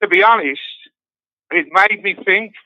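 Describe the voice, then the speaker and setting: Older brummie bloke on a tinny phone line, blunt and sweary, voice sits a bit high. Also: male voice, a little slow, dry recording. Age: 60s. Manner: blunt, sweary, self-mocking. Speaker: fan reading his own poem. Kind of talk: casual chat and poem recital on a call.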